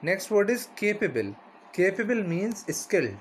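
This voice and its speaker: A man's voice: sits high, very animated, normal speed, slight background noise. A man teaching a vocabulary lesson, repeating each word and its meaning and often asking "right?".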